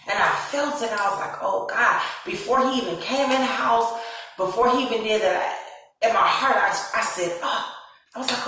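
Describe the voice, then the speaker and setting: A woman's voice: fairly high pitch, brisk, bright, forceful tone, recorded from a distance. Woman telling a story in an echoey room. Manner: laughs often while telling a serious story; acts out her own past reactions in quoted asides. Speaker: vlogger. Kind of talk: casual personal storytelling.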